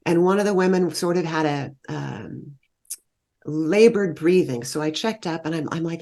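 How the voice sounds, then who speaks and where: A woman leading meditation retreats, telling lively travel stories in a conversational interview. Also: lowish voice, moderate pace. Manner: animated, warm storytelling that lifts into quoted exclamations. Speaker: guest, meditation retreat leader. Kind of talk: conversational storytelling.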